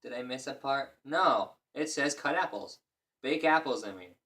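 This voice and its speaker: A man's voice: mid-range voice, expressive, normal speed, pushed and bright. A man reading a fairy tale aloud at a casual pace and breaking off for crude, joking asides. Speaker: reader.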